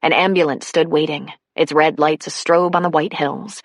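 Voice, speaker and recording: A woman with a notably low voice reads a novel aloud at a steady, unhurried pace. Her narration is recorded close and dry, with no room sound at all. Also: no room sound. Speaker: audiobook narrator. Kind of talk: scripted narration.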